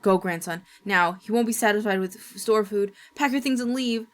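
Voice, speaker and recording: A woman's voice: mid-range voice, normal speed, pitched above the performer's own voice, natural voice. A woman voicing a fierce, frightened old grandmother, giving urgent, clipped warnings.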